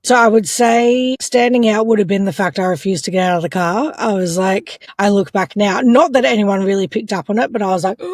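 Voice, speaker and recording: A young adult Australian woman telling stories as a podcast guest, animated and quick to act out what people said. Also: medium pitch, no echo. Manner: animated, acts out quotes, laughs often. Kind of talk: casual storytelling chat.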